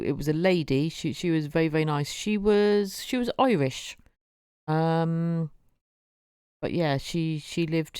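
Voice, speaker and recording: A woman's voice: low-pitched, dark tone, smooth, no room sound, clean studio sound. A woman streaming, chatting casually with viewers and often repeating her words as she goes. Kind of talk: casual live-stream chat.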